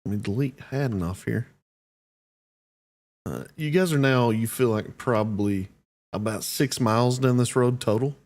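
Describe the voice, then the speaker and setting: Acting as game master for a tabletop game, a man with a medium-pitched voice narrates in a relaxed, halting way, using plenty of fillers.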